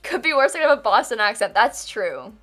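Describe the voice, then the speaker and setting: Chatting with her live-stream audience over faint background music, a young Floridian woman speaks in a General American accent. Her voice runs on the high side, very animated, brisk, and a bit bright, full of giggles, ums, and likes.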